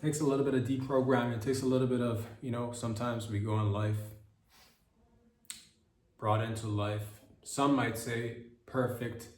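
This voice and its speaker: A man's voice: medium pitch, level tone, moderate pace, roomy sound. A man hosting a comedy podcast, delivering a rambling mock-motivational monologue with silly quoted voices. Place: hot indoor room.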